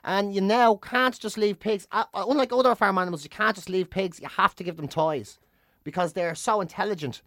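Male co-host, animated ranter, swears, emphatic repeats, dead-dry room. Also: high-pitched, fairly quick, dry recording. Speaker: podcast co-host. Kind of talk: casual chat.

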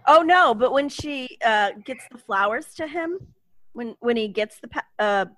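A woman's voice: fairly high pitch, a little slow, no echo. Chatty woman recapping a movie. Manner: animated, chatty storytelling. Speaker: podcast co-host. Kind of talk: casual movie recap chat.

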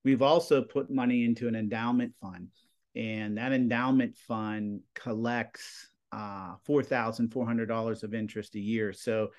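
A man in his forties, a high school TV production teacher, telling stories in a casual interview with lots of fillers. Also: darkish tone, clean tone, highs cut off. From Pennsylvania. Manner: rambling, filler-heavy storytelling with lots of "you know" and "like".

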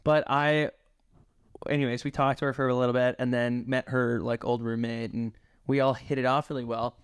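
Animated young man telling a story. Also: medium pitch, moderate pace, clean tone. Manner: animated, laughing, acts out quotes. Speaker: podcast guest. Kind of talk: casual chat, storytelling.

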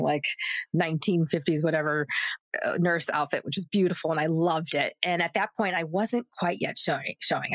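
A woman in her thirties tells a casual podcast story, her voice leaping up when she acts out the people in it. She sounds dry and close to the mic, with no room around her. The tone stays chatty and unscripted. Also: no echo. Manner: animated, acts out quoted voices with big pitch jumps. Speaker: actress guest.

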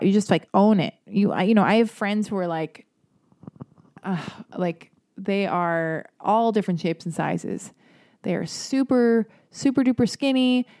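A woman in casual chat who talks candidly and rambles, with lots of filler words and free swearing. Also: medium pitch. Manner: emphatic and animated when worked up.

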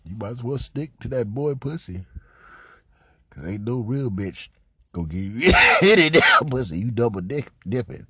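A man giving casual, profane commentary on a recorded phone call, mocking, repetitive and animated, often laughing and coughing. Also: mid-range voice, moderate pace, slightly rough, no room sound, clean studio sound. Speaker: commentator reacting to a leaked call.

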